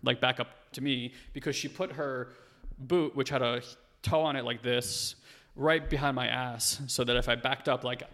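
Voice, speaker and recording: A man in his thirties, a podcast guest in casual conversation, talking fast and animated with lots of fillers. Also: mid-range voice, in a large hall.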